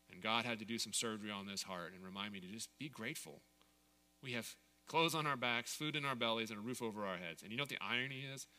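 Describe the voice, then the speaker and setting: A man's voice: mid-range voice, sharp tone, big-room sound. A man in his thirties preaching a sermon as pastor, candid and conversational, sharing personal stories.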